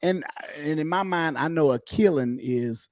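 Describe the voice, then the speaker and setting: A man's voice: fairly high pitch, moderate pace, darkish tone, dry recording, clean studio sound. A man, a comedian guest, telling childhood stories in a laid-back drawl on a casual podcast. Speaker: comedian guest, former officer. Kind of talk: casual storytelling chat.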